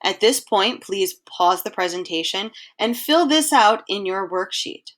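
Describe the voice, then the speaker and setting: A woman teacher giving a recorded slideshow lesson, explaining each point patiently and reading verse aloud slowly. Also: medium pitch, lively intonation, fairly bright tone. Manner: clear, patient explaining, reads poem lines aloud in a slow measured way.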